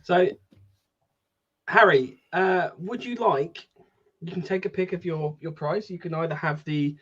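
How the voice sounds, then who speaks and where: A man's voice: fairly high pitch, unhurried, fairly bright tone, slightly rough, dull audio. A man co-hosting a casual podcast chat, laid-back and swearing casually. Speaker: podcast co-host.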